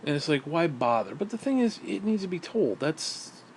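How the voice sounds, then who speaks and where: A man's voice: a little high, very animated, normal speed, darkish tone, slight background noise. A middle-aged man in a casual monologue, ranting in a bitter, profane, rambling way. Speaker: vlogger.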